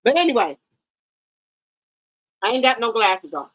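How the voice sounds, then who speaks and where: Woman in her 50s, aave, sassy and blunt, cusses a lot, kinda high voice, dry close sound. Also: big pitch swings, unhurried, a bit bright, dry recording, low-quality recording. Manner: blunt, sassy, curses freely. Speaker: livestream host. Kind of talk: casual livestream chat.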